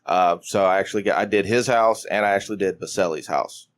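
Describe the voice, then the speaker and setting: A middle-aged man hosting a podcast, telling drawn-out, profane anecdotes in casual chat. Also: low-pitched.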